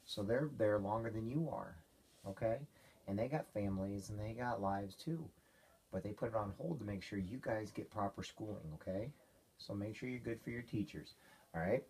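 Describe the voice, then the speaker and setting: A man talking to his young daughter at home at bedtime, loud and teasing, ending lines with "okay?". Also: on the low side, normal speed, a little hiss or hum. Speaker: father.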